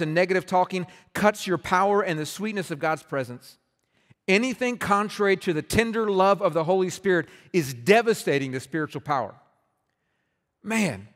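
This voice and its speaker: A man's voice: high-pitched, a bit bright. A man preaching a sermon as pastor, earnest and conversational, often restarting his words. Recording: reverberant hall.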